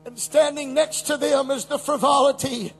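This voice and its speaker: A man preaching a sermon at a camp meeting, impassioned and shouting, with many repetitions. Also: extremely high pitch, steady tone, normal speed, faint music behind, rough recording.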